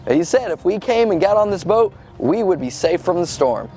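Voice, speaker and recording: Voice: medium pitch, big pitch swings, a little fast, warm tone, faint music behind. An actor voicing a laid-back, trusting male lion in a kids' church comedy skit, talking in an easygoing, slightly goofy drawl.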